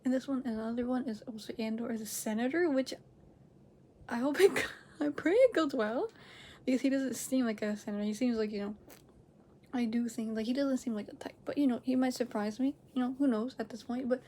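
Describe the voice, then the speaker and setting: Woman, reaction host, fairly high voice, rambling, self-correcting, laughs a lot, loud bursts then near-whispers, faint background hiss. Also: fairly quick. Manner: swings between loud excited bursts and quiet near-whispers. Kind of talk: casual chat to camera. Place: at home.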